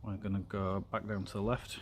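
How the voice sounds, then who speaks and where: A streamer with a fairly low, level voice chats loosely while working on a craft project with his hands, a casual tutorial. He fills pauses with ums and rambles into side topics. Faint room noise runs underneath.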